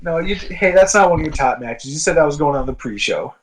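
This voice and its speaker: Tipsy man, casual chat, swears a lot, rambling, a bit high-pitched. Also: lively intonation, a little fast, rough recording. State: a little drunk. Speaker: co-host.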